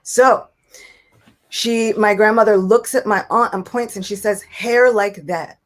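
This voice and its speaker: A young woman guest in casual spiritual talk, telling a family story with lively acted-out voices. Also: medium pitch, unhurried. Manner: animated storyteller, acts out quoted voices. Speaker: guest speaker.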